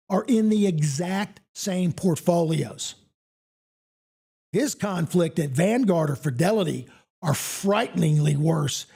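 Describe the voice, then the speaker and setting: Husky, rambling older man. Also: high-pitched, mellow. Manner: rambling, frequent restarts and asides. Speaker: podcast host. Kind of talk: casual finance podcast talk.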